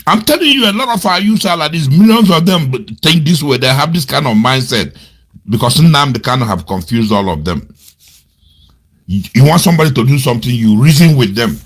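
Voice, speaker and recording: A man's voice: lively intonation, fairly quick, breathy edge. Indignant man ranting. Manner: scornful, indignant, repeats insults, swings between loud outbursts and low mutters. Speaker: commentator on a web radio show. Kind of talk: angry political commentary, reading out and mocking quotes.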